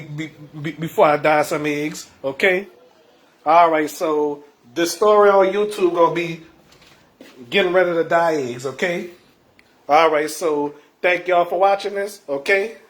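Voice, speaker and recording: Stammering man on a home livestream. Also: fairly high pitch. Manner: stammering, repeats words, chuckles often. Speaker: livestream host. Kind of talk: casual livestream chat. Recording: echoey room.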